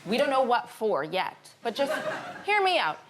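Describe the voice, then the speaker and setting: A woman guest on a comic panel show, delivering a deadpan, mock-serious joke routine, recorded in a TV studio with a loud audience. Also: a little high, moderate pace, noisy background.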